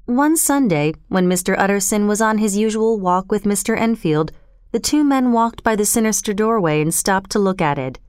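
A woman narrating a classic storybook in a steady, deliberate reading. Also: mid-range voice, clear, resonant tone, no room sound, clean studio sound. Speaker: audiobook narrator. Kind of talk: scripted narration.

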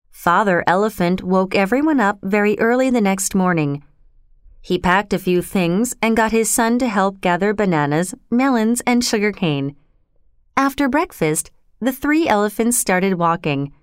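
Smooth-voiced woman reading a children's story. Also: mid-range voice, measured pace, no room sound, studio quality. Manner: expressive, storytelling. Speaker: narrator.

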